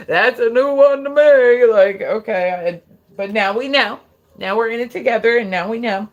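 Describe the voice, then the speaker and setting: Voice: medium pitch, a bit bright. A live streamer with a New Jersey accent, chatting casually into a phone and swearing freely as they drift from one tangent to the next. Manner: rambling, profane, tangent-prone.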